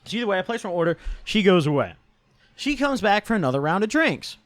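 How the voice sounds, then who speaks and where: A man's voice: high-pitched, very animated, quick pace, a bit bright, no room sound. A young man telling a casual storytime in a slangy manner, swearing often and tagging lines with "right?" and "dude". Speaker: vlogger.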